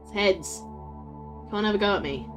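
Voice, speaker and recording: A woman's voice: medium pitch, moderate pace, faint music behind. Chatty woman streaming a game. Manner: chatty, laughing, swearing, talks to chat. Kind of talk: casual game stream, reading aloud.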